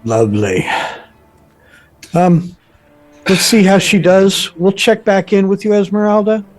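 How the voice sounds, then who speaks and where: A man's voice: high-pitched, measured pace, a little mellow, soft background music. A man playing in a tabletop game, describing his character's actions in a hesitant, stop-start way. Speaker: player. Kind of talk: casual tabletop play.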